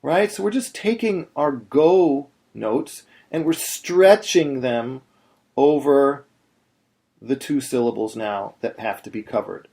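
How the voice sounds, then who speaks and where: Guy teaching torah chant to beginners, patient, stops to sing slow examples. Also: medium pitch, gravelly, warm tone. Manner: patient, explains step by step, breaks into slow chanted demonstrations. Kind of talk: video lesson.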